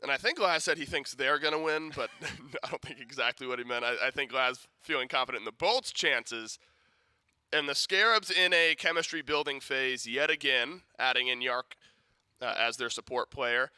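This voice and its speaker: A man's voice: medium pitch, moderate pace, sharp tone, smooth, dry recording. A man analyzing an esports match at the desk, talking conversationally with frequent restarts. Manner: conversational, many restarts and fillers.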